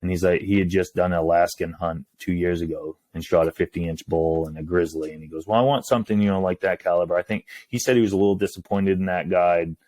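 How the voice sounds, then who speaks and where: A man, a hunting guide, telling a story in casual talk, acting out the lines of others in a hushed voice. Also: low-pitched, quick pace, few pauses, dry recording. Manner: animated, acts out quoted lines in a hushed voice.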